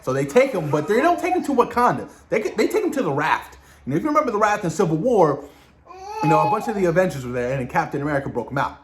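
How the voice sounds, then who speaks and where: Excited slangy man, lively voice. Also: fairly high pitch, fast, a little hiss or hum. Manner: excited, slangy, talking straight to viewers. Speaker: video host reviewing a TV episode. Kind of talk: casual spoiler discussion.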